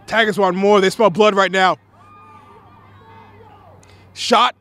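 A man giving play-by-play commentary at a soccer match outdoors, excitable and repetitive, shouting on big plays. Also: high voice, takes it slowly, some chatter behind. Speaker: sports commentator.

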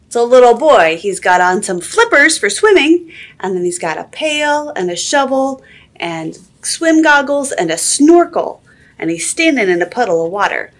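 A woman's voice: a little high, sing-song, normal speed. A woman librarian reading a picture book aloud at a toddler story time, sing-song and asking the children questions.

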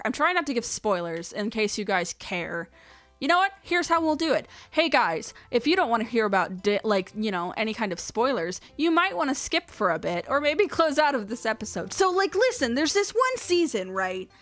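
Her voice sits on the high side and sounds a bit bright as this young woman chats through a let's play. The commentary is loose and rambling, with counting aloud and the occasional whispered aside.

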